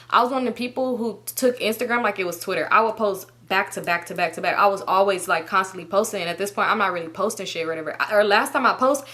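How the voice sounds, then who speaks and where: A woman's voice: medium pitch, sharp tone. A woman in her twenties telling a storytime, casual and laughing, with plenty of swearing. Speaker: YouTuber. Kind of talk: storytime vlog.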